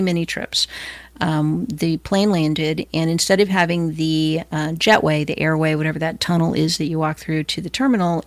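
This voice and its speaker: Woman, middle-aged, from Los Angeles, Christian devotional talk, conversational with fillers, gravelly, dry close sound. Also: sits low, no echo. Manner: conversational, many fillers and restarts. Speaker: Christian speaker.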